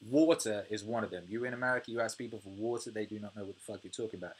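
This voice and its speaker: A British man in his thirties hosting a casual livestream, reading viewer comments, swearing freely and ranting with animated energy. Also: fairly low pitch, racing, husky. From United Kingdom. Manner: swears freely, animated rants, laughs often. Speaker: music producer and livestream host.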